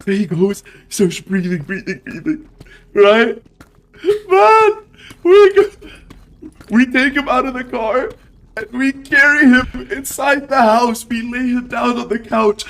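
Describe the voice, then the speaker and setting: A man casually telling a wild story to friends on a livestream, animated and swearing, throwing in "bro" and "right" all the time. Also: extremely high pitch, measured pace, vocal fry.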